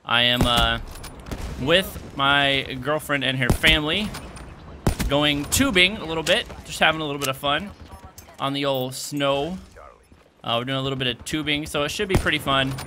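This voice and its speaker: A young man commentating his video game play, out of breath, excitable and yelling at big moments. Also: a little high, moderate pace, a little hiss or hum. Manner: excitable, shouts at big plays, self-mocking. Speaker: gaming YouTuber. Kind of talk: gameplay commentary. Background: game gunfire and explosions.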